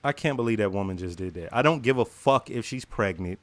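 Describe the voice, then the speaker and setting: Blunt, animated male reaction host. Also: on the low side, brisk, no room sound. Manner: blunt, swears, laughs often. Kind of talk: casual reaction commentary.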